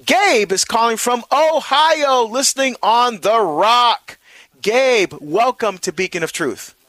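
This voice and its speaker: A man's voice: extremely high pitch, expressive, slow pace, pushed and bright, dry recording. A man hosting a call-in radio show, answering callers in a friendly, affirming way.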